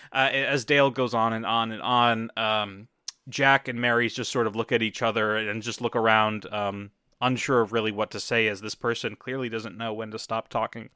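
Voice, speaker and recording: A man's voice: lowish voice, steady tone, moderate pace, pushed and bright, smooth, no echo, clean studio sound. A man casually narrating an improvised comedy scene, loose and full of fillers.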